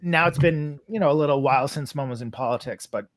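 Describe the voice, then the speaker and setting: A man's voice: fairly high pitch, fast talker, no echo. Man from Canada, guest on a video call: chatty storyteller, fillers and laughs, dry sound. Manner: rambling, full of fillers, breaks into laughter. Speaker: guest actor. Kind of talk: casual storytelling on a video chat.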